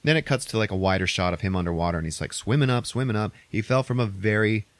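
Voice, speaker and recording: A man's voice: fairly low pitch, quick pace, dry recording. A young man hosting a podcast, recapping a movie in a rambling, swear-heavy casual way. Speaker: podcast host.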